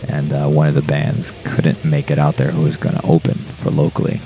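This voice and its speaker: A man with a strikingly deep, gravelly voice tells a long, rambling story, swearing freely and laughing along the way. It sounds like relaxed podcast chat with faint music underneath. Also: brisk. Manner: profane, rambling, laughs through his story. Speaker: podcast guest. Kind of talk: casual storytelling.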